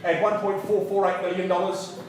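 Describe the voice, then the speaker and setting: A man's voice: high-pitched, little pitch movement, a little fast, noisy background. A man calling a live auction indoors, rattling off bids and teasing the bidders with playful asides. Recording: very echoey room, voice from a distance.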